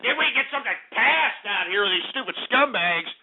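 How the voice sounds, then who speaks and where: A man's voice: sits high, expressive, fairly quick. A man hosting a talk radio show, delivering a brash, profane market report and insulting his listeners between the numbers. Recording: tinny phone-like radio audio.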